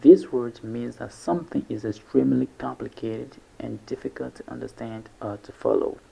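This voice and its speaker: Gravelly, husky male English teacher. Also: mid-range voice, fairly even intonation, dark tone. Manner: repeats syllables slowly and deliberately. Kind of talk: pronunciation lesson. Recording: dull lo-fi recording.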